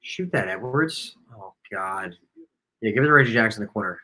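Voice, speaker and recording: Guy with a bright forceful voice talking through plays, analytical, jokey on the side. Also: fairly low pitch, expressive, brisk, poor audio. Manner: analytical, breaks down plays with a joking aside. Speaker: co-host of a fan watch-party stream. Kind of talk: casual live game commentary.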